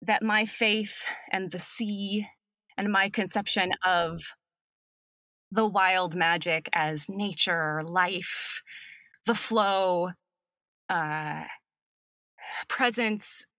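A woman speaking as an acting professor guest in a reflective podcast conversation, thoughtful and unhurried, with soft laughs. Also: medium pitch, no echo.

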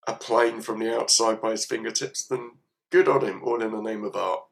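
A man's voice: lowish voice, fairly even intonation, moderate pace, creaky. A man co-hosting a casual film podcast, making wry, easygoing asides. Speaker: podcast co-host.

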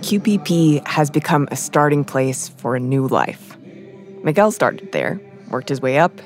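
A radio reporter narrating a feature story in a measured, storytelling way. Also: medium pitch, big pitch swings, over music. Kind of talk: scripted narration.

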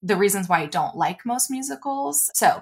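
A woman co-hosting a podcast in casual chat, talky and quick to react with laughs. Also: mid-range voice, lively intonation, gravelly, a little mellow. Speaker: podcast co-host.

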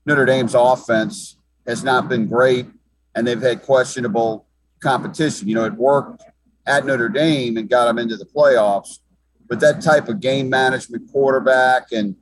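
A man's voice: medium pitch, steady tone, moderate pace, rough recording. A man giving sports talk commentary as an analyst, emphatic and often repeating words as he thinks.

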